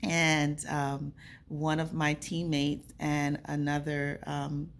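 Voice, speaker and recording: A woman speaks to her camera in an earnest, conversational way, recounting something from her own life. Her voice sits low and has a gravelly edge. A faint hum of noise runs underneath. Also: completely flat delivery, slow. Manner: earnest, conversational, acts out remembered dialogue. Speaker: vlogger. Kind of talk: casual personal storytelling to camera.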